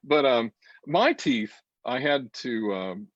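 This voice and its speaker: A man co-hosting a casual chat show, rambling from one thought to the next with frequent laughs. His pitch swoops up and down animatedly. The sound is dry and slightly dull, typical of a video call. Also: no echo. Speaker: co-host.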